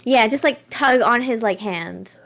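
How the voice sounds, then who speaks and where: Slow-talking woman player at a tabletop game. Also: fairly high pitch, gravelly, fairly bright tone. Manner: slow, hesitant, laughing often. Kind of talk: casual tabletop game chat.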